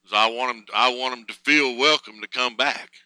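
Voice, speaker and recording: A man's voice: medium pitch, fairly even intonation, moderate pace, sharp tone, smooth, dry recording, low-quality recording. A man preaching a conversational sermon in a folksy, plain-spoken way, chuckling between thoughts.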